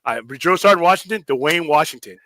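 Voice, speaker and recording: A man spins army stories in a casual, animated way, swearing freely and acting out quoted voices. His voice sits a bit high and is bright and forceful. The recording is close and dry. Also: fairly quick, no room sound, rough recording. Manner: animated, profane, acts out quoted drill sergeants. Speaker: podcast host. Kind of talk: casual storytelling chat.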